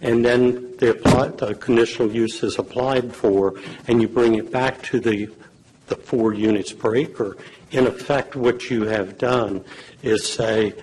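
A man giving legal advice at a public meeting, in a measured, halting way with many fillers, and losing his voice. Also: lowish voice, a little mellow, a little hiss or hum, rough recording. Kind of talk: advising at a council meeting.

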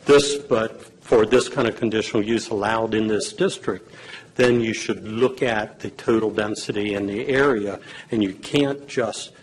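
A man giving legal advice at a public meeting, in a measured, halting way with many fillers, and losing his voice. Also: lowish voice, slight background noise, rough recording. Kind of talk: advising at a council meeting.

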